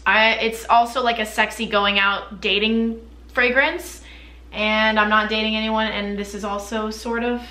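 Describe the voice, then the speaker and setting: A woman's voice: a little high, bright, forceful tone, reverberant. A young woman chatting casually and candidly about her perfumes for a vlog, full of fillers. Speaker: beauty vlogger. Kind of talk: casual chat.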